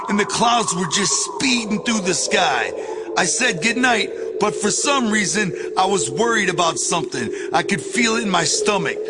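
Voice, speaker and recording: A man reading his own memoir aloud in a casual, profane storytelling manner that bursts into shouts. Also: sits high, in a large hall.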